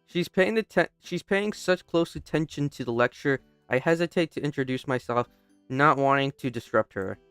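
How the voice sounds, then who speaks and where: Young male gamer, casual read-aloud playthrough, self-interrupting with jokey asides, smooth resonant voice, dry close mic. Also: medium pitch, normal speed, a bit bright, no room sound, soft background music. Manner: stops and restarts, breaks off into joking asides. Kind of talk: casual playthrough commentary, reading game text aloud.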